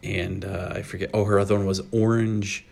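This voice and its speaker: Low, gravelly man rambling casually. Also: flat delivery, darkish tone. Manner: rambling, halting, many restarts. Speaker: podcast co-host. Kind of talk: casual chat.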